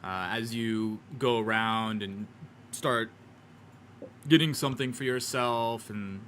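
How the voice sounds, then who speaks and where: A man narrating a tabletop game as game master in a relaxed way, with many fillers and restarts. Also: fairly low pitch, takes it slowly, slight background noise.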